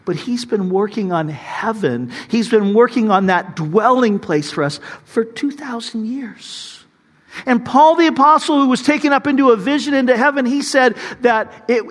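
High-voiced male pastor preaching in a hall. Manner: conversational preaching with many asides, swelling louder at high points. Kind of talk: sermon.

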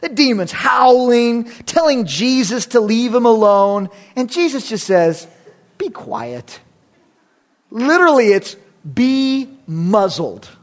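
A man pastor preaching a sermon, emphatic and repetitive, with humorous asides between his points. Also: very high-pitched. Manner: emphatic, repetitive, rising and dropping for effect.

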